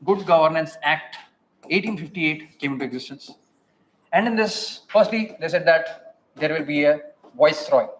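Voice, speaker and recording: A man with an Indian English accent giving an exam revision lecture, asking the class quick questions and repeating key terms. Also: on the high side, expressive, slight background noise. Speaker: teacher.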